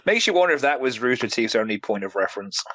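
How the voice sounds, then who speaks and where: A man's voice: mid-range voice, expressive, quick pace, a bit bright, no echo. Blunt, swearing man on a dry mic. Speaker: podcast panelist. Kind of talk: casual group chat review.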